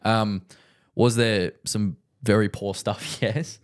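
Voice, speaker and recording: A man's voice: lowish voice, steady tone, slow. A young man co-hosting a podcast, telling stories in a laid-back, rambling way with lots of fillers. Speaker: podcast co-host. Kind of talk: casual chat.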